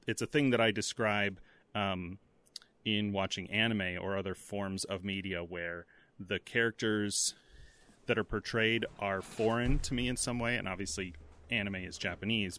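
Casting: lower male voice, bright and tense, dry close recording, hesitant and thoughtful. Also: no room sound. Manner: thoughtful, hesitant with many fillers. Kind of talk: casual movie discussion.

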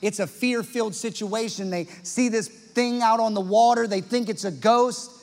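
High-voiced preacher in a reverberant hall. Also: male voice, fairly even intonation, normal speed, gravelly. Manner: impassioned, swings from loud to hushed for emphasis. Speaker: pastor. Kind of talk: sermon. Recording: long church-hall reverb with faint music.

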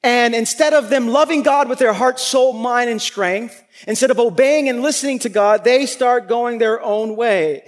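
A man's voice: very high voice, normal speed, few pauses, long reverb tail. A man preaching a sermon as a pastor, telling stories and acting out the voices in them. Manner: animated storytelling, acts out voices.

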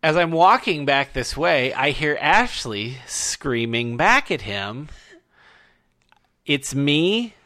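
Swearing, animated podcast host with bright voice. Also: male voice, medium pitch, takes it slowly, hardly any pauses. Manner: profane, animated, emphatic storytelling. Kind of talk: casual storytelling chat.

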